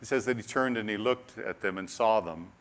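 Animated male preacher with a hush. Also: fairly low pitch, a little fast. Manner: animated, laughing asides, softening to a hush on key lines. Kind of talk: sermon.

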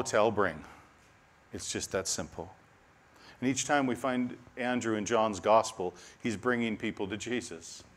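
A man preaches a sermon in an ordinary middle-pitched voice. He is animated, laughs at his own asides and drops to a soft, quiet hush for the key lines.

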